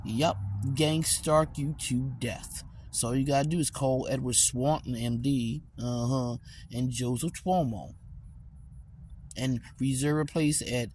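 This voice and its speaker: A man's voice: mid-range voice, darkish tone, a little hiss or hum. A man ranting in a rambling, repetitive, profane way as a TikTok vlogger, recorded on a phone. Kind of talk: rambling profane rant to camera.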